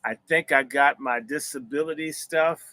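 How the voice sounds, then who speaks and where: A man with a fairly high, bright and forceful voice hosts a livestream. His talk rambles and is blunt and profane, slipping into a preacher's cadence. The sound is dry and close. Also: fairly even intonation, normal speed, no echo. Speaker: host and minister.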